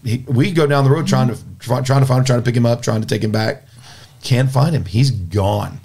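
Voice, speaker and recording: Gravelly earnest man hosting a faith podcast. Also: medium pitch, fairly quick, darkish tone. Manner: earnest and plainspoken, often restarting words. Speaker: Christian podcast host. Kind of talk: casual spoken storytelling and talk. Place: podcast studio.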